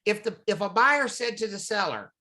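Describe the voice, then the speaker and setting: Man, real estate instructor, bright forward voice, chatty lecture, quizzes the class. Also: sits high, big pitch swings, normal speed. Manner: conversational, asks the class questions often. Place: classroom or live online class.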